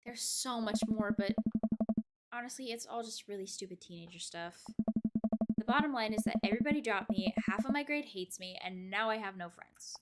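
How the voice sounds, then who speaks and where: A woman's voice: mid-range voice, normal speed, lightly acted. A woman voicing an upset teenage girl who rambles as she vents to her dad, read from a game script. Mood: ranting. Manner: rambling, exasperated storytelling. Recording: loud game music behind.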